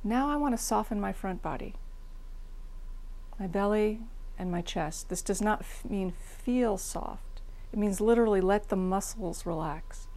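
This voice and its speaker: Creaky-voiced frank meditation teacher woman. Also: mid-range voice, measured pace, dark tone. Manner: frank, plain-spoken and self-deprecating. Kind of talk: dharma talk and guided meditation.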